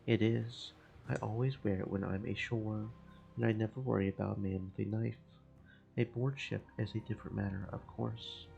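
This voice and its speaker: A man voicing a gruff, plain-spoken old sailor who cannot abide dishonesty. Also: lowish voice, steady tone, normal speed, a little mellow, muffled recording, soft background music. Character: old seafaring man, blunt and honest.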